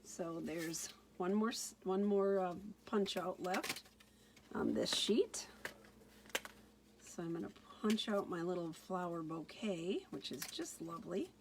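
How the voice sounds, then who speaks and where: A woman's voice: on the low side, unhurried, hardly any pauses, a little hiss or hum. A woman giving a casual card-making tutorial, chatting through each step as she works.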